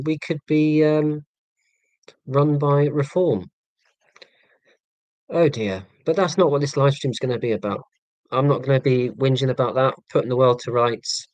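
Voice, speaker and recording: A man's voice: medium pitch, a little mellow, no echo. A man in his forties from northeast Scotland, hosting a casual live stream and chatting through viewer comments in a rambling, self-deprecating way with many ums and restarts. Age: 40s. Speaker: livestream host.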